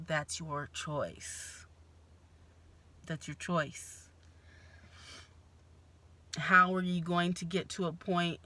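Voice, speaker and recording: A woman with a lowish, slightly bright voice gives a casual spoken tarot reading. She's frank and blunt, swearing freely, laughing, and sighing between thoughts.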